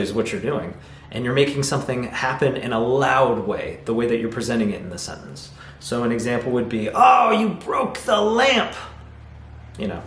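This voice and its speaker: A man teaching a video lesson on English grammar, explaining patiently and acting out example sentences. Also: medium pitch. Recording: roomy echo, faint noise.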